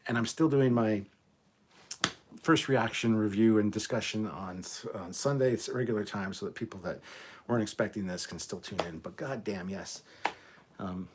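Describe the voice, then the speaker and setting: A man's voice: fairly low pitch, moderate pace, a little mellow, a little hiss or hum. A middle-aged man hosting a casual livestream, reading viewer comments aloud and reacting in a chatty way, swearing freely and joking about himself. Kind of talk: casual live chat.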